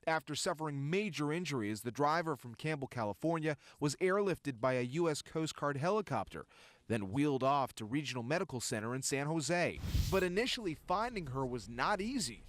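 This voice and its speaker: A man narrating a network news report as a voice-over, crisp and steady. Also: fairly high pitch, brisk, a little hiss or hum.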